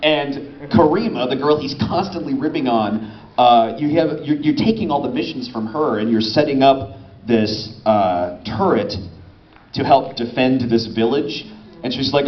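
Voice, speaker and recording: A man's voice: medium pitch, unhurried, slight background noise. A man who is a voice actor, chatting and laughing playfully with the audience at a convention panel. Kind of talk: casual convention panel talk. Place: large convention panel hall. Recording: echoey hall, muffled, loud crowd.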